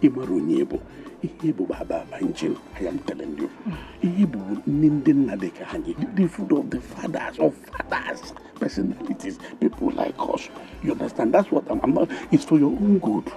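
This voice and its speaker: A man's voice: medium pitch, big pitch swings, moderate pace, gravelly, dark tone, soft background music. A blustering Igbo father. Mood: scolding. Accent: Nigerian Igbo. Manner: scolding, rambling, mixes Igbo and English. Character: bossy blustering Igbo father, middle-aged man.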